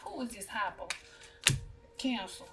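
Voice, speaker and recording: A woman's voice: mid-range voice, lively intonation, a little slow, distant mic. A woman giving a casual, blunt tarot reading, chatting to her viewers. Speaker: tarot reader. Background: music.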